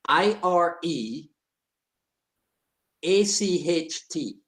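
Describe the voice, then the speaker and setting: Guy hosting a chat on a video call, bit high pitched, curious questions, lots of halting restarts. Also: expressive, a bit bright. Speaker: podcast host. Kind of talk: casual chat.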